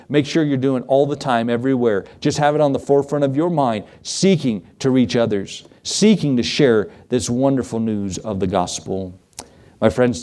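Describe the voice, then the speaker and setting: Warm and mid-range, the pastor's voice carries an earnest, homespun sermon full of chuckles. Points get driven in by repeating them emphatically, his delivery rising in classic preacher fashion.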